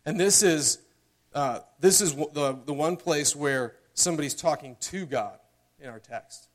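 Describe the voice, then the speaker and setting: A man's voice: on the high side, measured pace. A young man preaching a sermon in a casual, earnest way, often checking in with "okay?" and "right?", and reading scripture and mock prayers dramatically.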